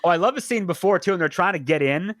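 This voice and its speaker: Animated man chatting about a horror film. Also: fast, no room sound, clean studio sound. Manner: animated, acts out quoted lines with big pitch jumps. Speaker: podcast host. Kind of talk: casual movie discussion.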